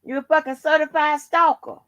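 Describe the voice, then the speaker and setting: High-voiced woman in a cursing rant. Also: steady tone, a little fast, a bit bright, no echo. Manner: heated, cursing, taunting. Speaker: channel host. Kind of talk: angry profane rant to the camera.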